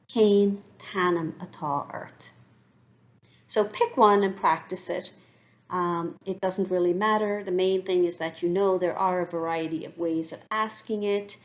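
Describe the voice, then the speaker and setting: A woman's voice: on the low side, fairly even intonation, measured pace, highs cut off. A woman teaching a beginner language lesson, patiently repeating each phrase for learners to copy. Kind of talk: slow, clear language lesson with repeated drills.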